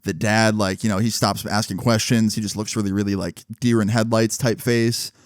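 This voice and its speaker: A man telling a story in a casual storytime vlog, animated and full of swearing and fillers. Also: lowish voice, normal speed, no room sound, clean studio sound.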